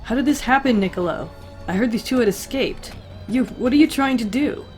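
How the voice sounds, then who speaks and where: A woman's voice: a little high, expressive, brisk, a little mellow, faint music behind, voice pushed up, lightly acted. Alarmed soldier, voiced by a woman: urgent, raised voice. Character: alarmed young male soldier.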